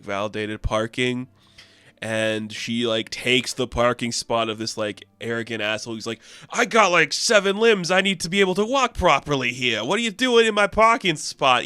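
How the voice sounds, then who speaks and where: Brief: enthusiastic male comic reviewer, smooth clear voice, dry close sound. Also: mid-range voice, bright, forceful tone, dry recording. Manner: chatty, enthusiastic, laughs often.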